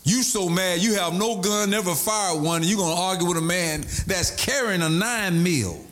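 Male preacher, fairly high voice, swooping sing-song delivery, faint music underneath. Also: normal speed. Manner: animated, shouting and sing-song emphasis. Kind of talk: sermon.

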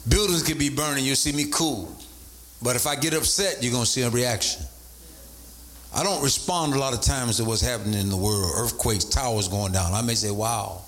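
A man preaching a sermon as bishop, repeating points and rising into sing-song emphasis. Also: a little fast. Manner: animated, swoops from low to high pitch, sing-song emphasis.

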